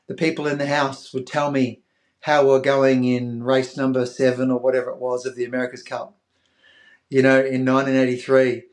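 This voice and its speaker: A middle-aged Australian man telling an emotional story as a podcast guest, animated, acting out other people's voices and dropping soft at tender moments. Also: mid-range voice. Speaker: podcast guest, former athlete.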